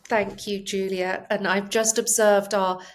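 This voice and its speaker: A woman's voice: mid-range voice, little pitch movement, unhurried. A woman, a palliative care doctor, speaking earnestly and from the heart as a guest at home. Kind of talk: emotional conversational interview. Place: home, on a sofa.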